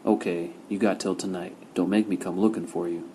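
A man's voice: sits low, fairly even intonation, brisk, dark tone, a little hiss or hum, lightly acted. A man reading the lines of a menacing, heavyset male crime boss who growls threats and curses.

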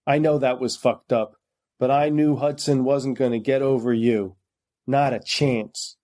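A shot-up crook near the end, strained and squeezing every word out, sly and sorry at once, as a man reads him. his voice sits middle-of-the-road in pitch, slowed and worn. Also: fairly even intonation, dark tone, lightly acted. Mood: rueful. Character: wounded dying male debtor, sly, apologetic.

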